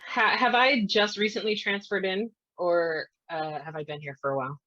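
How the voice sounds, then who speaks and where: A woman's voice: medium pitch, steady tone, moderate pace, bright, forceful tone, no room sound. A woman playing in a tabletop game, talking in a tentative, upbeat way. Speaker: player. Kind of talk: casual chat in a tabletop game. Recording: slightly dull lo-fi mic.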